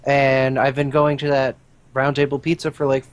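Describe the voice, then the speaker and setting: A man guesting on a casual gaming podcast, speaking in a middle-pitched voice. He is laid-back and chatty, and laughs at himself. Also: completely flat delivery, normal speed. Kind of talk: casual chat.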